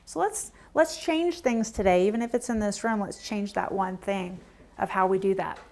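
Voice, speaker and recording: Animated woman leading a training workshop. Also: medium pitch, moderate pace, slight background noise. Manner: animated, acts out quoted everyday exchanges; direct, asks the audience questions. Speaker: workshop presenter. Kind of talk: conversational training talk to a small group.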